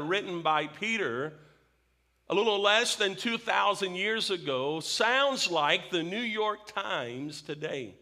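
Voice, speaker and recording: A man preaching an evening sermon in a high voice, each point laid down slowly. He is emphatic and repeats his questions for effect, leaning on key words. The tone stays bright and clear throughout. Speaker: pastor.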